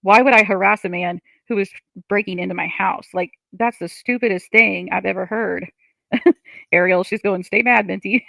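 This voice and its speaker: Gravelly-voiced woman ranting on a livestream. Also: mid-range voice, fairly even intonation, normal speed, fairly bright tone, no echo. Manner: frustrated, ranting, swears often. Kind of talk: livestream chat, reading comments.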